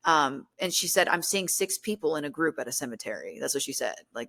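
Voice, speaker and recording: Young woman rambling through a story, lotsa "like" and "um", slightly low voice. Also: a little fast, gravelly, few pauses. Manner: animated, acts out quotes with lots of "like" and "um". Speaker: guest, paranormal content creator. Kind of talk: casual storytelling in a podcast chat.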